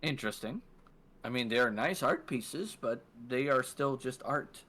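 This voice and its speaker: A man's voice: medium pitch, expressive, unhurried, sharp tone. A man voicing a courteous female elf shopkeeper in a tabletop game. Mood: businesslike.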